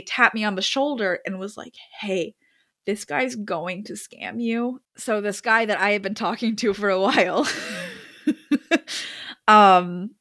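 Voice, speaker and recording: A young adult woman co-hosting a podcast, telling a funny travel story in an animated, rambling way with lots of "like" fillers. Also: medium pitch, dry recording, studio quality. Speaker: podcast co-host. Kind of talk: comedic storytelling.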